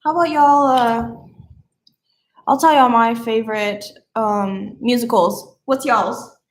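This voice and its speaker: A young woman with a slight Southern lilt chats on a live stream, her voice sitting a little high. She rambles, giggles and loses her train of thought. A faint background hum sits under her voice. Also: fairly even intonation, slow. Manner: rambling, giggly, easily sidetracked. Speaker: livestreamer. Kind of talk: casual live stream chat.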